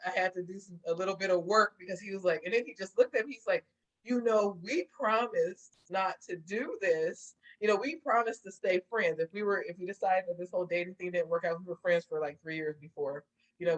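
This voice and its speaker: A woman's voice: fairly low pitch, low-quality recording. A woman guest in a casual interview, telling stories with lots of laughter and acting out what people said. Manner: animated storyteller, laughs often, acts out voices. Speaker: guest therapist.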